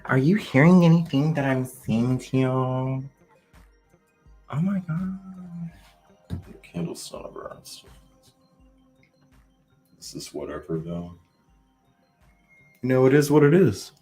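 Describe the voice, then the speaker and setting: Loud, casual man hosting a livestream. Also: mid-range voice, slow, long pauses. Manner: loud, animated, swings from mumbling to shouting. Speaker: tarot reader hosting a livestream. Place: indoors at a New Year's party. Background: faint party music.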